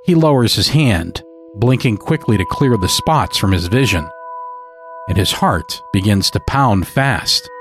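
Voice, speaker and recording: A man narrating a dark story in a measured, scripted storytelling manner. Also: on the low side.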